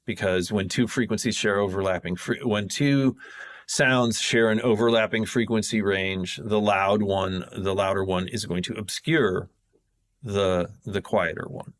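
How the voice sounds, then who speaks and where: Man, lowish voice, casual podcast guest, rambling, self-correcting, excitable. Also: measured pace. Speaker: podcast guest, sound designer. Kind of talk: casual technical explanation.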